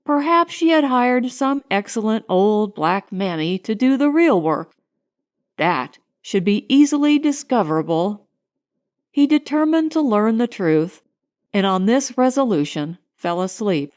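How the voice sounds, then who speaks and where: A woman narrating a light romantic comedy audiobook in an expressive, unhurried storytelling manner. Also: on the high side.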